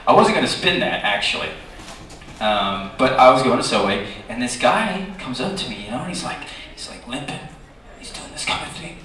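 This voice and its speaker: A man telling a chatty, animated anecdote as a panel guest at a convention, recorded from far off in a large hall. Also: normal speed, a little hiss or hum. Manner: animated, chatty, with many fillers and lively jumps in pitch. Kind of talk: storytelling anecdote to an audience. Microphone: recorded from the audience, far from the speaker. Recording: echoey hall, distant audience recording.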